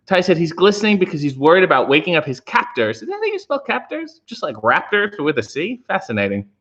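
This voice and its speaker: A man hosts a casual livestream, reading out viewer comments and answering them with deadpan, sarcastic quips. His voice swings widely and lively in pitch. The stream audio sounds dull and lo-fi. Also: fast. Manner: dry sarcastic asides, animated pitch swings. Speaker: livestream host reading chat.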